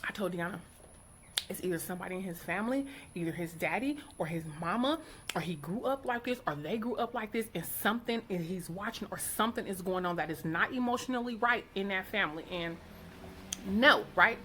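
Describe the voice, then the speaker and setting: A middle-aged woman, a mother, telling a story to her viewers in a casual, outspoken and animated way, acting out what each person said. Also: mid-range voice, fairly quick, a little hiss or hum. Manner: animated, outspoken, quotes people in character. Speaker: vlogger, mother.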